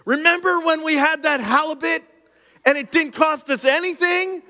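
A man voicing a whiny Israelite man who fondly remembers free food, in an exaggerated high whine. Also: moderate pace, sharp tone. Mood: whining.

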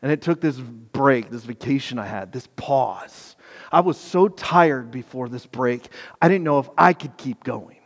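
A man preaching a sermon with passion, swinging between quiet reflection and loud pleading, with casual asides. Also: medium pitch, unhurried. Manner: impassioned, swings from soft to loud. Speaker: pastor. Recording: long hall reverb.

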